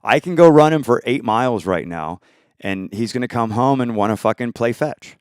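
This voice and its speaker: A man in an angry, profane, unscripted rant, swinging between shouting and muttering. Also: mid-range voice, animated, normal speed, clear, resonant tone, dry recording.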